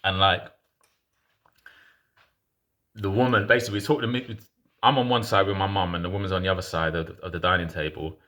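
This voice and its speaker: A man's voice: sits low, steady tone, a little fast, pauses often, bright, forceful tone. A man in his thirties casually telling a personal story in frank, slangy talk full of restarts.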